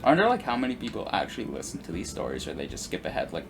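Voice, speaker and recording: A man's voice: fairly low pitch, huge pitch swings, very fast, creaky, soft background music. A man in his twenties casually rambling through work stories while playing a video game, full of "like" and restarts. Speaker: gaming YouTuber. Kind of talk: rambling storytelling over gameplay.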